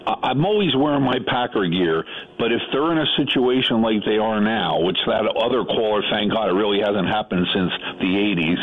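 A man's voice: on the low side, a little fast, slightly rough. A man calling in to a sports radio show, talking in an exasperated way with stammering restarts. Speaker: radio caller. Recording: phone line.

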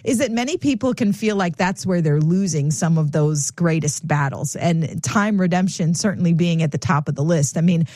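A woman's voice: fairly low pitch, a little mellow, no room sound. Conversational woman radio host, dry sound. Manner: conversational, searching questions. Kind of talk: radio interview.

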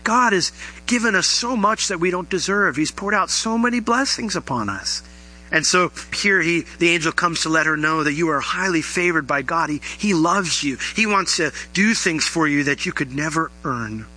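A man preaching a sermon as pastor, animated, his voice rising high on emphatic questions. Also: moderate pace, poor audio.

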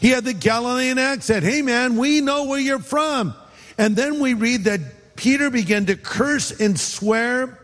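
A man from California preaching a sermon, conversational and joking, slowing down for emphasis. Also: sits high, in a large hall. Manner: conversational, joking, shifts between quick asides and slow emphasis. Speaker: pastor.

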